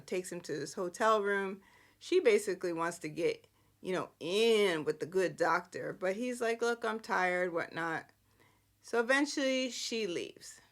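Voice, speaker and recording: A woman hosting a podcast, chatting casually and with amusement through a soap-opera recap full of rambling asides. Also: fairly low pitch. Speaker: podcast host. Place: indoors at home.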